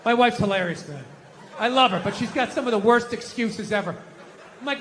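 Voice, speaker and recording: A man's voice: extremely high pitch, expressive, fairly quick, long reverb tail, some chatter behind, a little hiss or hum. Ranting male stand-up comic. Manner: ranting, exasperated, shouting punchlines. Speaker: stand-up comedian. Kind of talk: stand-up comedy. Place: live comedy stage. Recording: live stage audio with audience.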